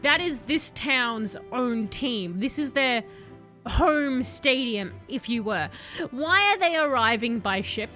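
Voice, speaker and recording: A woman's voice: a little high, lively intonation, a little slow, pushed and bright, soft background music. A woman streamer chatting sarcastically through her first playthrough of a game, joking at the story. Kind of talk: first-playthrough gameplay commentary.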